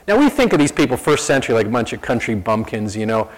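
A man preaching a sermon in a conversational, animated storytelling manner, often restarting his sentences. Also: mid-range voice, fast talker, low-quality recording. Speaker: pastor.

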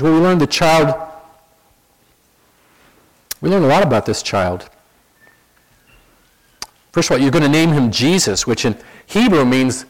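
Conversational male preacher, animated storytelling. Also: medium pitch, poor audio. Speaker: pastor. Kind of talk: sermon.

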